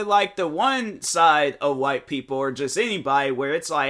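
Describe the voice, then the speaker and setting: A man talking in a casual opinion vlog, animated and slangy with lots of fillers. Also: on the high side, moderate pace, hardly any pauses. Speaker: vlogger.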